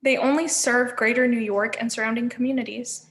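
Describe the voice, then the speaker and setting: A woman reading as a know-it-all teenage girl, brisk and matter-of-fact, close to the reader's own fairly high voice. It is a storybook read-aloud. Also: fairly even intonation, a bit bright, echoey room. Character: clever, bossy teenage girl.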